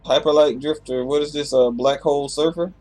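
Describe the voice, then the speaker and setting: A man's voice: fairly high pitch, fairly even intonation, a little fast, darkish tone, soft background music. A man streaming a live reaction, sleepy and chatty, restarting his sentences often. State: sleepy, yawning. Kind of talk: casual live reaction commentary.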